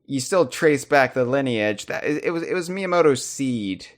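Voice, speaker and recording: A man hosting a casual podcast, talking fast with loud, animated bursts. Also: mid-range voice. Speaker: podcast host.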